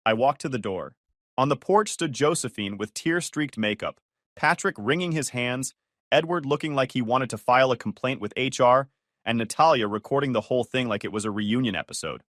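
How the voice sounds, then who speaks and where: A man narrating a first-person drama story with sardonic, deadpan asides. His pitch moves in a lively way, and the recording is dry and close with no room at all. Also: fairly quick, no echo.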